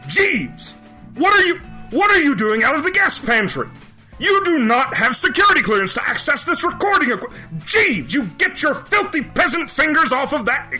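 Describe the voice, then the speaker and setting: A haughty, pompous aristocrat, as a man puts him on in a shrill, lively voice that swoops high and bright. Faint music plays underneath. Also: moderate pace, exaggerated voice. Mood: haughty scolding. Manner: pompous, high-pitched scolding. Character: snobbish posh butler-master, haughty and shrill.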